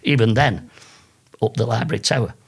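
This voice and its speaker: A man from England, a guest telling lively anecdotes in an interview and laughing often. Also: medium pitch, fairly quick, vocal fry, slightly rough. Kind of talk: storytelling in an interview.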